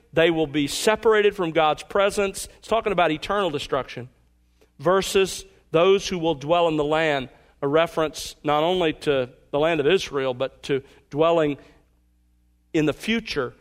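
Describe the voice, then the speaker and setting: A man preaching as pastor, earnest, asking his listeners pointed questions and slowing down for emphasis. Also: high voice. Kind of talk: sermon.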